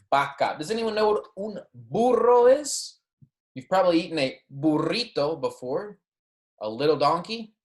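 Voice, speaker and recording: A man's voice: on the high side, darkish tone, roomy sound. A man teaching as a Spanish instructor in a recorded lecture, patiently modeling sounds and correcting himself as he goes. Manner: patient, modeling pronunciation slowly, self-correcting.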